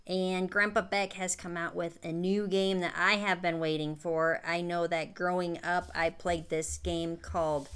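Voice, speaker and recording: A woman co-hosting a casual chat, animated and given to playful exclamations. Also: fairly low pitch, unhurried, hardly any pauses, clean tone. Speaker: co-host.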